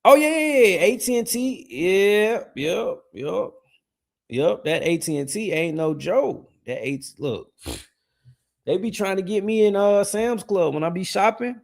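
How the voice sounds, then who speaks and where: Brief: young male streamer, lively gravelly delivery, slangy and laughing. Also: sits high, a little slow. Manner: laughs often, animated, slangy. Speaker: streamer reacting to videos. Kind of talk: casual reaction commentary.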